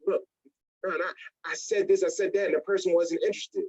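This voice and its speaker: A man's voice: high-pitched, quick pace, husky, lo-fi sound. A man leading a motivational business training, acting out little scenes in different voices as he goes. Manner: animated, acts out little scenes in other voices. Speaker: network marketing trainer.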